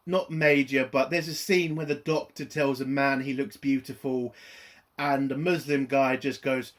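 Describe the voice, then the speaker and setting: A man's voice: mid-range voice, flat delivery, unhurried, fairly bright tone. A man ranting in a profane, exasperated and rambling way while reviewing a TV episode.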